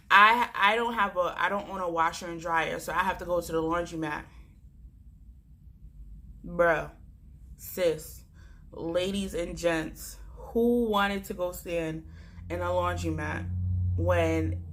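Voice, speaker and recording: Animated young woman from Jamaica, bright voice. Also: lowish voice. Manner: animated, chatty, slangy. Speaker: vlogger. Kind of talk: casual storytelling vlog.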